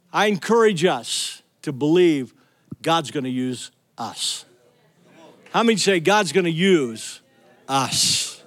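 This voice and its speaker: A middle-aged male pastor preaching a sermon, telling stories with energy and calling out to the congregation. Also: a little high. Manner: energetic storytelling, calls out to the congregation.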